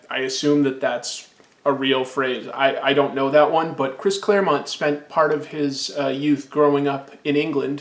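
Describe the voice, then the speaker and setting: An enthusiastic man rambles through a casual comic book review while sipping absinthe. His voice sits somewhat high for a man. The room around him is roomy and echoey. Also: a bit bright.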